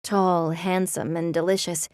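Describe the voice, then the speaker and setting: Low-voiced woman narrating a romance. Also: flat delivery, unhurried, a little mellow, no echo, studio quality. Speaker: audiobook narrator.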